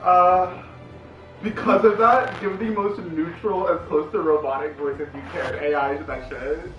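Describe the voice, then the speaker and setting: A man bantering and teasing as a friend on a call, his voice a little high. He sounds distant and roomy, muffled, with game music under him. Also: steady tone, normal speed, fairly bright tone. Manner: joking, teasing. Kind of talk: casual banter.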